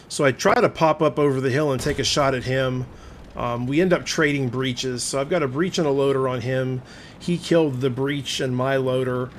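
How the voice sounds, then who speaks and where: Man, gameplay commentary voice-over, middle pitch, conversational, explanatory, frank. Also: slight background noise. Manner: conversational, explaining play as it unfolds; plain-spoken, openly admits frustration. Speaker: gaming video host.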